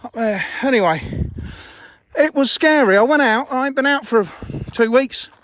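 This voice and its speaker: A man's voice: very high-pitched, measured pace, a bit bright, a little hiss or hum. A man chatting bluntly on a phone live stream while walking around his fishing lakes outdoors, a bit out of breath and swearing casually. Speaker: fishery owner streaming live.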